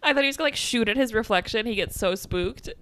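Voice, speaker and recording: Bright, giggly woman podcast co-host. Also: fairly high pitch, no room sound. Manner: giggly, narrates the plot in quick asides. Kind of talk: casual film recap chat.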